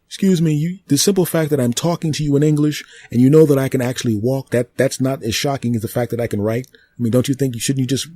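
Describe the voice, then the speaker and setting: A man putting on a sly talking tree, smug, higher pitched, husky, menacing. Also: fast talker, few pauses, warm tone, natural voice. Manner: smug, wheedling, raised voice. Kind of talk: comedy sketch voice.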